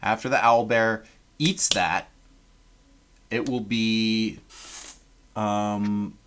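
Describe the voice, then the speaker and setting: A man's voice: on the low side, steady tone, very slow, a bit bright, slight background noise. A man from Canada running a tabletop game as game master, rambling with lots of ums. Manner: rambling, many ums, laughs at own jokes.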